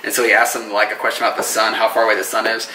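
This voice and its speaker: A man's voice: on the low side, monotone, rapid-fire, pushed and bright, a little hiss or hum. A man co-hosting a vlog, retelling scenes in a loose, rambling way. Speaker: vlog co-host. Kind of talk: casual chat. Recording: echoey room, mic at a distance.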